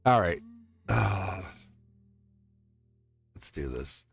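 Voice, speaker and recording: A man's voice: low-pitched, expressive, drawn-out words, gravelly, slightly rough, no room sound, soft background music. A middle-aged man hosting a live tarot stream, rambling in a casual, chatty way and laughing often. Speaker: tarot reader and livestream host. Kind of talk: casual livestream chat.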